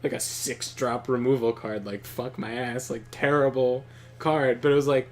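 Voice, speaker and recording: A man's voice: medium pitch, moderate pace. A young man co-hosting a gaming video, telling stories with lots of swearing and laughter while he plays. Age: young adult. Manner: profane, laughing, animated storyteller. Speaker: gaming channel co-host. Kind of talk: casual gameplay commentary and storytelling.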